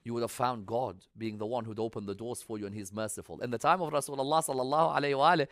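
A man preaching a religious sermon, swinging between loud emphatic appeals and hushed storytelling. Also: medium pitch, racing, hardly any pauses, no room sound, studio quality.

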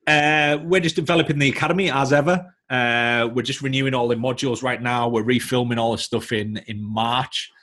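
Mid-range and a bit bright, this man's voice comes out brisk and flat, with few pauses. A coaching business mentor from Northern England with the accent to match, he's a guest on a casual podcast, explaining his views bluntly and lecturing through examples.

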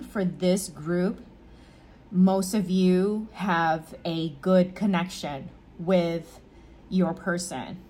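A woman giving a casual tarot reading to camera, chatty and gentle, often restating her phrases. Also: fairly low pitch. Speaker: psychic tarot reader.

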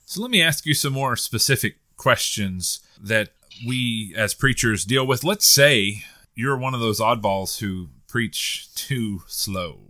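A man, himself a pastor, interviewing a guest with a relaxed, lightly joking manner. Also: medium pitch, a little slow, no room sound. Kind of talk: interview questions.

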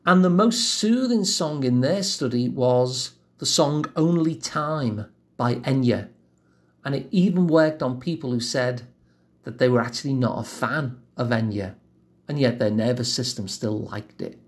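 A man giving a calm self-help lesson in a gentle, measured, reassuring way. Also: mid-range voice. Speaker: wellbeing teacher.

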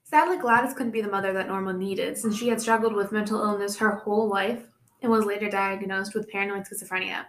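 A woman's voice: medium pitch, fairly even intonation, fast talker, slight background noise. Young woman podcast host, casual true-crime storyteller, mid-range voice, recorded in an echoey room. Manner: reads the case with chatty asides and laughs. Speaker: podcast co-host presenting the case.

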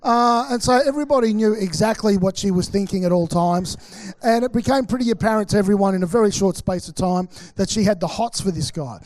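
High-voiced Australian pastor telling stories. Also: male voice, fairly quick, a little mellow. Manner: chatty storytelling, acts out quotes, many fillers. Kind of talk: sermon with personal stories.

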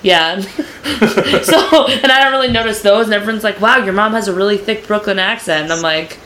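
Bright-voiced New woman rambling. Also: medium pitch, fairly quick. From New York. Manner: rambling, heavy use of "like". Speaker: podcast host. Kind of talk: casual podcast chat. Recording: echoey room, faint noise.

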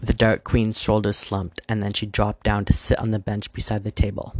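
A man reading a fairy-tale story aloud in a measured, gently expressive way. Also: fairly low pitch, a little hiss or hum. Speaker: reader. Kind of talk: storybook narration with character voices.

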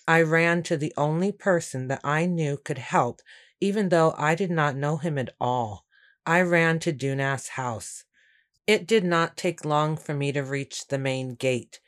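A woman reading a first-person story aloud in a steady, measured way. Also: deep voice. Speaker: audiobook narrator. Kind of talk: first-person scripted narration.

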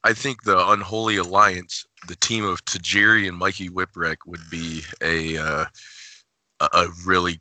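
A man's voice: deep voice, level tone, moderate pace, bright, forceful tone, dry recording. A man on a podcast speaking casually and emphatically about his favorites. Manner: emphatic, enthusiastic.

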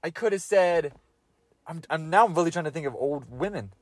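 Animated young-sounding podcast host, man. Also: fairly high pitch, brisk, no room sound. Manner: animated storyteller, laughs often, swears casually. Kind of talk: casual podcast chat.

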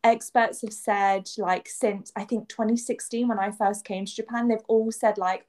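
With a mid-range voice and steady pace, a podcast co-host from England spins anecdotes in relaxed chat. She brings her stories to life by performing quotes and sound effects in her English accent.

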